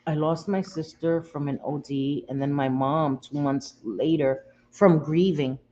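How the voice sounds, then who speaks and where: Dull, lo-fi audio with faint room noise captures an American woman livestreaming casually from home. Her voice is low, dark and steady, unhurried as she talks emotionally and confidingly with viewers, near tears and repeating herself often.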